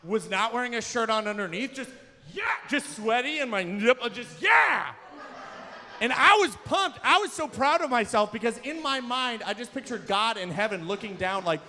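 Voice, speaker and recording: A young man doing stand-up comedy at a live event, telling self-deprecating stories with sudden shouts. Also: sits high, a little fast. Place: large hall, live event. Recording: long hall reverb from a live venue.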